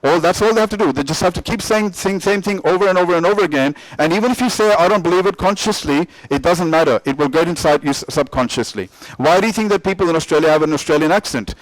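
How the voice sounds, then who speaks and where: A middle-aged man with a high-pitched voice gives a motivational talk, driving his points home through repetition and questions to the room. The sound is close and dry, with almost no room reflection. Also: no echo, poor audio. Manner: emphatic, repetitive, asks the audience questions. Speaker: motivational speaker.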